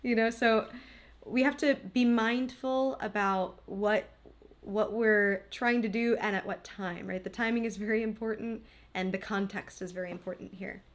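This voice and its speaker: A woman co-hosts a relationship coaching podcast in relaxed, casual chat. Her voice sits in a middle range for a woman. She sounds reflective and encouraging and laughs along readily. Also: medium pitch, moderate pace.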